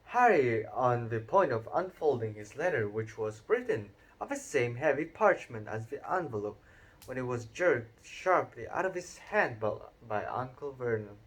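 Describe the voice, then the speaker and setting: A man narrating a children's novel aloud in an unhurried, expressive reading with occasional stumbles. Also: mid-range voice, slightly rough. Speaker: audiobook narrator. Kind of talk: storybook read-aloud narration.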